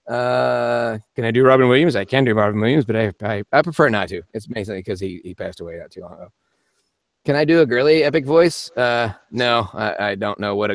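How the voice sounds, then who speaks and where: A male voice actor hosting a casual live-stream Q&A. He is chatty and joking, answers chat questions quickly and laughs often from his home studio. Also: medium pitch, creaky, no echo.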